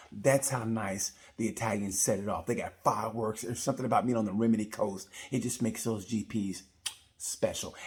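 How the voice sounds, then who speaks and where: A man giving a rambling, profane comedic review of a motorcycle race. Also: fairly low pitch. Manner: rambling, profane, animated storytelling. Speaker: comedy racing commentator.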